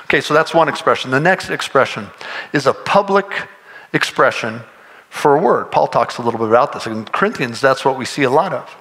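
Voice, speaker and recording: A man preaching a sermon as pastor, in a conversational, animated way, acting out imagined voices. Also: mid-range voice, a little fast.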